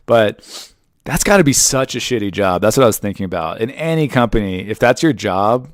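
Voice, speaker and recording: A man's voice: lowish voice, lively intonation, a little fast, no echo, studio quality. Rambling, profane man in his thirties. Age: 30s. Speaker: podcast host. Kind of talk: casual monologue.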